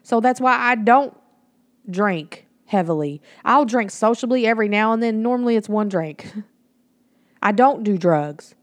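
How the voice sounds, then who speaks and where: A woman's voice: fairly high pitch, animated, a little slow, no room sound. Blunt, profane woman podcast host. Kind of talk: casual spoken monologue. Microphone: home mic that picks up the room.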